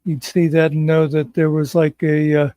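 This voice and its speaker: Slow hesitant guy chatting, dry close sound, bit high. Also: little pitch movement, warm tone, no room sound. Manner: slow, drawn-out, with hesitant fillers. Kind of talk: casual chat.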